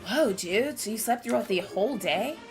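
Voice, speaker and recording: A woman's voice: mid-range voice, moderate pace, faint music behind, close to an everyday voice. Woman doing a laid-back dude-bro guy. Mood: easygoing. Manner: relaxed slangy. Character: laid-back young male friend saying dude and bro.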